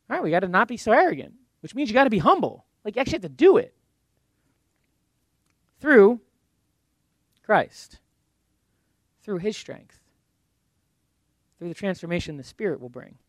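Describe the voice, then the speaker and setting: A man's voice: very high-pitched, sing-song, moderate pace, long pauses, fairly bright tone, no echo. A man preaching a sermon in a conversational way, acting out little asides and ending in prayer. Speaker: pastor.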